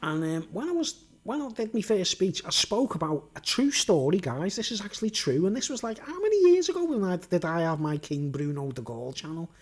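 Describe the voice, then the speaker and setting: A man's voice: sits high, sing-song, brisk, hardly any pauses, darkish tone, breathy edge. A man talking to camera in a rambling monologue, full of tag questions like "right?" and "you know what I mean?". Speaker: vlogger.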